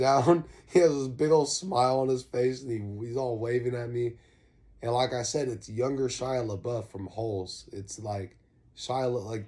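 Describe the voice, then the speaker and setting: A man's voice: mid-range voice, dark tone. A young man casually telling a long story, rambling in heavy slang and swearing freely. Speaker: vlogger.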